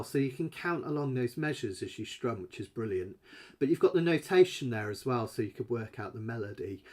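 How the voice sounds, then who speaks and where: A man's voice: mid-range voice, breathy edge. A middle-aged man, rambling and chatty as he hosts a live ukulele lesson Q&A from home. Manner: chatty, rambling, self-deprecating, fillers. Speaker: ukulele teacher.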